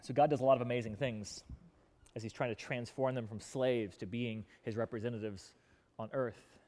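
A man preaching a sermon in church, telling stories with lively acted-out quotes of grumbling people. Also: medium pitch, moderate pace, big-room sound. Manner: animated storytelling, acting out grumbling crowds in quoted voices. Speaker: pastor.

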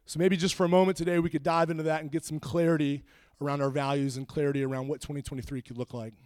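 A young man, a youth pastor, preaching and telling a funny personal story with animated, jokey asides. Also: fairly high pitch, very fast, no echo, clean studio sound.

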